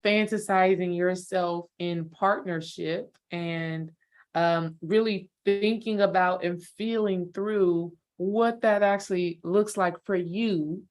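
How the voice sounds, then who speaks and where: A woman's voice: fairly low pitch, steady tone, takes it slowly. A woman healing coach giving a spiritual coaching talk, encouraging and affirming her course members. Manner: encouraging, affirming listener with soft "mm" and "yep".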